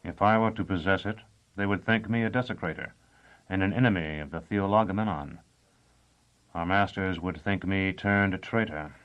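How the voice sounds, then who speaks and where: A calculating conspirator, guarded and deliberate, as a man voices him in this storybook reading. His voice sits low, and the recording is dull and lo-fi. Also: close to an everyday voice.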